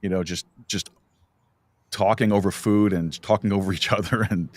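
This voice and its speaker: A middle-aged man hosting a podcast, chatting casually and telling stories with lots of halting restarts. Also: lowish voice, steady tone, a little mellow. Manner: rambling, halting storyteller with many restarts. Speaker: podcast host. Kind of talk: casual chat. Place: podcast studio.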